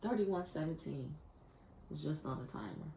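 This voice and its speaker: A woman with a deep, low voice gives a casual tarot reading and talks bluntly and profanely straight to whoever is listening. She sounds like she is in a bare, echoey room, and a faint hiss sits under her voice. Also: very animated, normal speed, vocal fry, mellow. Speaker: tarot card reader. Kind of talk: casual spiritual card reading.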